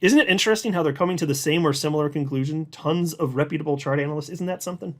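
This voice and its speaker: A man hosting a casual commentary show, reading out analysts' posts and reacting to them in an animated way as he talks straight to viewers. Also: on the high side, rapid-fire. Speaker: crypto market commentator, channel host. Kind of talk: casual market commentary to camera.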